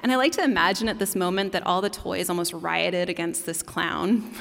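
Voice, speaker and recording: A woman preacher retelling a children's story in a sermon, expressive and playful with her asides. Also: on the low side, fairly quick, vocal fry. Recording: long hall reverb.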